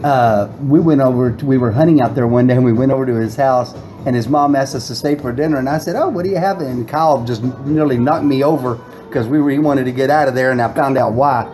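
A man's voice: mid-range voice, steady tone, quick pace, few pauses, darkish tone, faint music behind, rough recording. Man telling a rowdy story. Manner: rambling, laughing storyteller with restarts. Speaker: guest. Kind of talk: casual storytelling.

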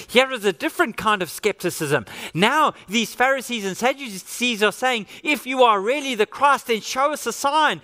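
A man's voice: high voice, sharp tone. A man preaching a sermon as pastor, earnest and acting out the quotes he reads. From Australia. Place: church. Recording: church hall reverb.

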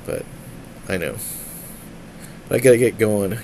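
A man's voice: lowish voice, unhurried, darkish tone, a little hiss or hum, low-quality recording. A man streaming from a tablet, a musician who rambles casually, jokes around and keeps slipping into silly voices. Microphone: tablet mic.

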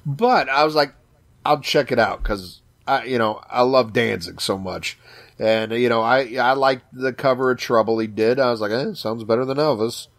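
This man speaks at medium pitch and a moderate pace, his tone fairly bright. Co-hosting a laid-back podcast in a Chicago accent, he curses heavily, raves excitedly, and repeats himself often.

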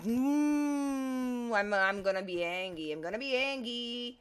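Slightly high and smooth, her voice moves at a slow pace with lively intonation. She's a Portuguese-speaking gaming streamer playing a video game, casually commenting, talking under her breath, and letting out exclamations and curses whenever something goes wrong.

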